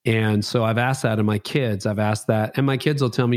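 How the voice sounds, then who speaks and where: A man's voice: on the low side, steady tone, brisk, dry recording, studio quality. A man in his fifties, a pastor being interviewed, speaking candidly and reflectively with a self-deprecating streak. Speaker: pastor and guest.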